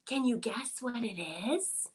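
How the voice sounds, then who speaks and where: A young woman reads to toddlers at a very slow, unhurried pace. Her voice is a little high and swoops widely in a playful sing-song, dropping now and then into soft, hushed asides. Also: expressive, husky. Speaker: children's librarian. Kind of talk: toddler storytime with rhymes and picture book reading.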